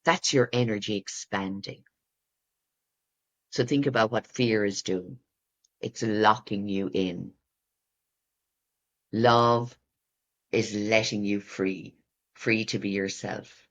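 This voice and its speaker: Expressive woman therapist. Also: extremely low pitch, slow pace, long pauses. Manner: expressive, acts out inner voices, rises to excited peaks. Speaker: therapist and guest. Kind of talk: reflective coaching talk.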